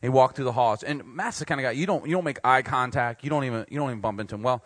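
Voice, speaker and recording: A man's voice: medium pitch, rapid-fire, no echo. A man preaching a sermon, telling a funny, self-deprecating story about himself and laughing along. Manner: animated, self-deprecating, laughs at his own jokes.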